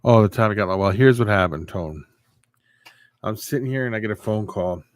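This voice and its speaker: A man's voice: on the low side, moderate pace, dry recording, studio quality. A man hosting a casual livestream, answering viewers and rambling through a story. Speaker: livestream host.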